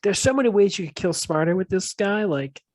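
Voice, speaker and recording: Male podcast co-host with a high voice, loose and giggly banter. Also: lively intonation, a little mellow, dry recording. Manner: quick, laughing, breaks into silly impressions. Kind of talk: casual podcast chat.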